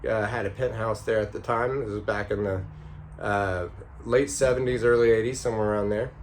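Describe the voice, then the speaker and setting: A man telling a story casually, rambling and halting with many fillers and restarts. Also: medium pitch, a little hiss or hum. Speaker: vlogger.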